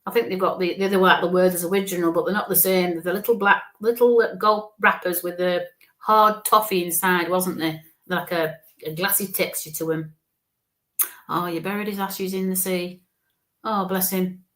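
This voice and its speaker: A woman giving a live psychic reading in a gentle, reassuring way, often checking in with "okay?". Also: lowish voice, steady tone, moderate pace. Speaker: psychic medium.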